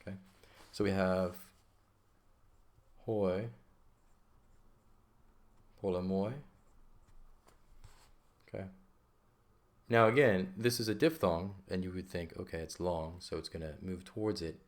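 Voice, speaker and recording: A man's voice: low-pitched, fairly even intonation, fairly quick, hardly any pauses, darkish tone. A man teaching an ancient Greek lesson in a patient, casual way, often checking in with "okay?". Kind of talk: casual lesson explaining grammar.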